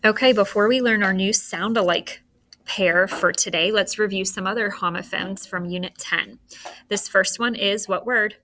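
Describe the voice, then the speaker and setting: A woman teaching a phonics review, slowly prompting children to spell words along with her. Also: medium pitch, sharp tone. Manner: slow and deliberate, prompting the class to spell along. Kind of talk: slow phonics review lesson.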